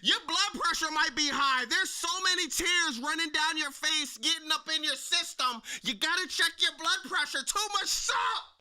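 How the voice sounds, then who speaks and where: A man with a high, very bright and cutting voice gives live-stream reaction commentary on wrestling. He mocks loudly, repeats phrases for comic effect and breaks into sudden shouts. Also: moderate pace, few pauses. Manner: loud, mocking, bursts into shouts.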